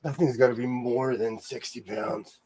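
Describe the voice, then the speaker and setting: A man hosting a casual sewing livestream from his home sewing room, easygoing and quick to laugh. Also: medium pitch, fairly even intonation, noisy background. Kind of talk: casual chat.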